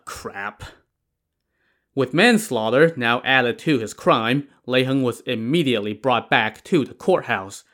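A man telling an old story in a relaxed, casual way. He drops in wry, sarcastic asides and keeps his voice at a middling pitch. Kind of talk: casual narration of a classic tale.

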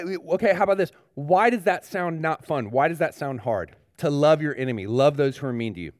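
A man's voice: a little high, fairly quick, hardly any pauses, no room sound, studio quality. A male pastor giving a children's sermon, asking the kids questions and talking to them directly.

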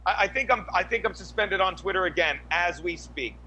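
A man with a high, pushed, bright voice and lively intonation talks fairly quickly as a co-host or guest on a crude, casual podcast. He rants and rambles profanely, with lots of swearing, restarts, and fillers, and the poor audio has slight background noise.

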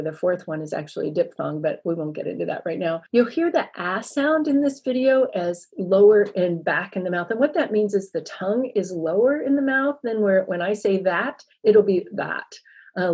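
A middle-aged woman giving a lecture on dialect sounds, slowing down to sound out example words. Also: medium pitch, a little mellow, breathy edge, poor audio. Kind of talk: recorded lecture.

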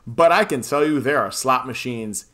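A man's voice: mid-range voice, moderate pace, a crowd in the background. A man casually recapping a film plot on a podcast, rambling, swearing and laughing often. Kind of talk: casual chat.

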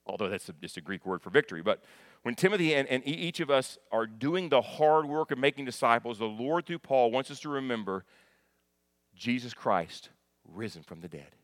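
A man delivering a sermon to a congregation. His teaching is conversational and full of restarts and questions to the listeners. His voice climbs to loud, emphatic moments. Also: mid-range voice, animated, a little fast, no room sound. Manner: rises to loud emphatic peaks. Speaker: pastor.

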